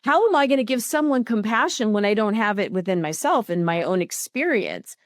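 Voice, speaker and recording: A woman guest on a podcast, telling animated stories and acting out her own inner thoughts. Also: medium pitch, brisk, dry recording, studio quality. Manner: animated storyteller who acts out her own inner dialogue. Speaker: guest author. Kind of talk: conversational podcast interview.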